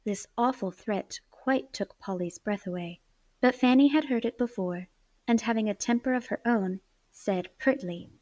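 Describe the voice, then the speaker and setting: A woman narrating a classic novel aloud in an even, measured storytelling manner. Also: fairly high pitch, no room sound. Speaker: audiobook narrator. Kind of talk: scripted narration.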